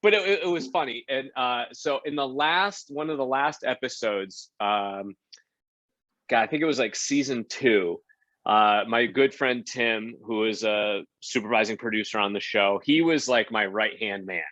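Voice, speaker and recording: Guest spot: man with a forceful bright voice, lively anecdote-teller, dry dull podcast sound. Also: normal speed, no echo. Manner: animated anecdote-telling, acts out quotes with big pitch jumps. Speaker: producer and game show host, guest. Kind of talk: casual podcast storytelling.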